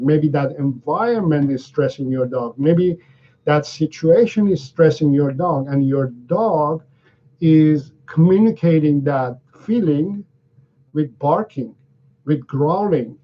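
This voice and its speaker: A man teaches dog training in a live question-and-answer session. His voice sits a bit high and comes through dull and lo-fi. He restarts his sentences and keeps checking whether the listener follows him. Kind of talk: live Q&A lesson.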